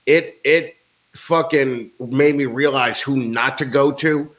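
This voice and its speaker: A blunt American man in casual conversation, cursing freely and ranting about whatever bugs him. His pitch sits right in the middle for a man. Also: takes it slowly, fairly bright tone. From United States. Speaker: guest. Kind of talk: casual chat.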